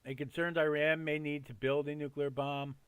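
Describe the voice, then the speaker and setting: A man hosting a casual news commentary in a chatty, rambling way, often repeating himself and filling gaps with ums and uhs. His voice sits a bit high for a man. The sound is dry and close, with no room echo. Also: flat delivery, moderate pace, a bit bright, clean tone. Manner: loose, chatty, many fillers and repeats.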